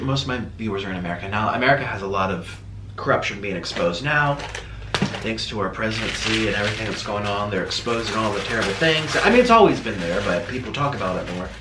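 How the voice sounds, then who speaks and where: A man speaks to camera in an emotional, casual vlog, his voice breaking as he stops and starts between fillers. The room gives his voice a noticeable echo. A faint hiss sits under the recording. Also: lowish voice. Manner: tearful, halting, with many pauses and fillers. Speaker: vlogger.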